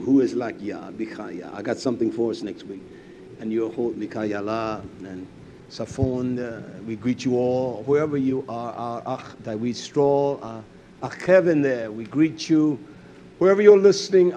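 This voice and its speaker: An older man preaching an animated sermon, swinging between loud bursts and low asides. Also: a little hiss or hum.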